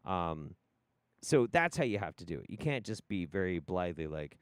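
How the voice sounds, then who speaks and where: A low-voiced man riffs through a livestream with a lot of profanity and wild swings in pitch. His commentary rambles from tangent to tangent, and the recording is close and dry. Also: sing-song, normal speed, clear, resonant tone, no echo. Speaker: livestream host.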